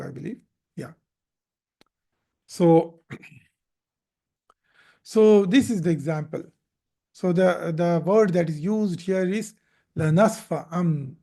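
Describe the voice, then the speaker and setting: A man's voice: high voice, gravelly, darkish tone. A man teaching Arabic grammar in a live recorded lesson, patiently explaining and repeating verb forms, sometimes stumbling over them.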